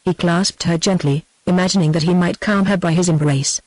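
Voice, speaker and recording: British computer voice lady reading a novel, steady and even, dry close sound. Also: on the low side, brisk, no echo, rough recording. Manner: steady, even, synthetic pacing. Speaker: audiobook narrator. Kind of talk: text-to-speech novel reading.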